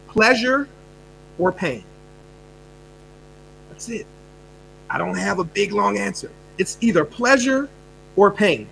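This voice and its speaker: A man, a guest coach, answering a question with an energetic, animated story, repeating words and jumping between fast bursts and quiet drops. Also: sits high, gravelly, slight background noise, low-quality recording. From United States.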